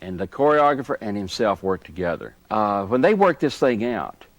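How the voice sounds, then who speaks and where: A man being interviewed, telling lively anecdotes and chuckling as he goes. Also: lowish voice, moderate pace, no room sound. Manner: animated anecdote teller, chuckles through stories. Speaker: interview guest. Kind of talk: storytelling reminiscence.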